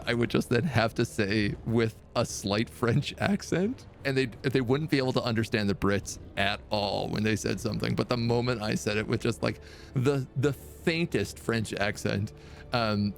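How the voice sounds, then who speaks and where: A man's voice: mid-range voice, moderate pace, gravelly, faint music behind. A man streaming a strategy game live, chatting and rambling through stories with frequent laughter. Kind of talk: live gameplay commentary and storytelling.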